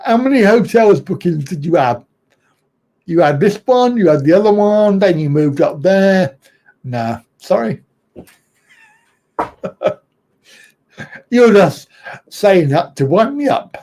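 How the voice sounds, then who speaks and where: A middle-aged man hosts a casual livestream chat at an unhurried pace. His voice sits a little high but sounds soft and mellow. He speaks bluntly, rambles between points and chuckles often. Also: expressive. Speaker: livestream host.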